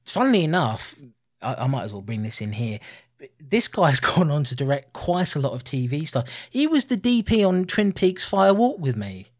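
A man in his thirties co-hosting a casual film review podcast, animated and laughing often. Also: a little high, normal speed. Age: 30s. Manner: animated, laughing, puts on voices for quotes. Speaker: podcast co-host.

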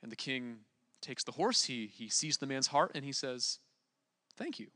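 A young man preaching a relaxed, conversational sermon, with plenty of fillers and restarts. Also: medium pitch, moderate pace, big-room sound.

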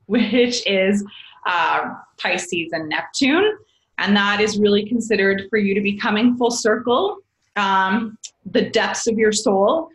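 A woman's voice: medium pitch, a bit bright, roomy sound, poor audio. A woman explaining astrology in a casual, rambling way, often correcting herself as a podcast guest. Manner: rambling, self-correcting, chatty, calls listener babes.

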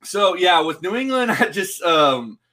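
A man's voice: high-pitched, very animated, a little slow, sharp tone. A man co-hosting a sports betting podcast, talking casually and laughing easily.

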